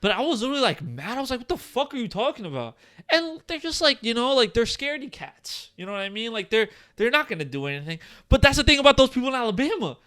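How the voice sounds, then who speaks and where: Young male podcast co-host, high-pitched and bright, rambling profane storyteller. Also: big pitch swings, fast, few pauses, clean tone. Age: 20s. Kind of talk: casual chat.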